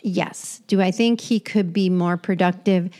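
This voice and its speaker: A woman's voice: lowish voice, fairly even intonation, unhurried, warm tone. A woman in her forties co-hosting a casual chat show, telling rambling stories full of restarts. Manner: rambling storyteller with frequent restarts. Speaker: podcast co-host.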